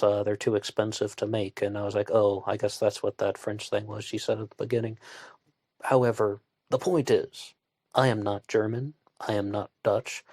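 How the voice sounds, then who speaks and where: A podcast host from Virginia, specifically West Virginia, USA, speaks in a lowish, slightly mellow voice with clean studio sound and no room echo. He narrates true crime in a rambling, conversational way, tossing questions to his listeners.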